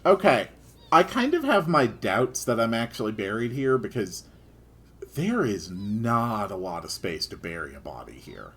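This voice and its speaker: A man's voice: fairly low pitch, big pitch swings, a little slow, fairly bright tone, slightly rough. A man giving casual gameplay commentary with dry, joking asides. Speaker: let's-play host.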